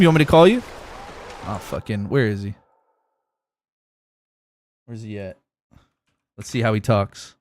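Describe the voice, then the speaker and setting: A man's voice: medium pitch, slight background noise. A young man live streaming a game, chatting loosely with his viewers, rambling and swearing a lot. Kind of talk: casual live stream chat.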